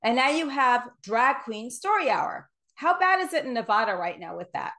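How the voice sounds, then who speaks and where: A woman's voice: a little high, sing-song, moderate pace, a bit bright. A woman hosting an interview show, amped up and emphatic. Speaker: host. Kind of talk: casual interview.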